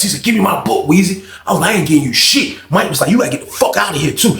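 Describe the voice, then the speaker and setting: A man's voice: fairly high pitch, fast talker, hardly any pauses, roomy sound. A man telling a storytime tale in casual slang, acting out each person's lines with shifting voices. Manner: animated, acts out dialogue with shifting voices, heavy slang and profanity. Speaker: storytelling channel host.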